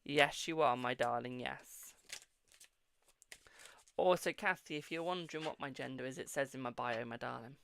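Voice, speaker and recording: Speaking at a normal speed with vocal fry and long pauses, a man from the United Kingdom runs a tarot reading on a livestream. His medium-pitched voice has a fairly bright tone, and he's warm and repetitive, calling viewers "my darling" and "boo"; slight background noise is audible.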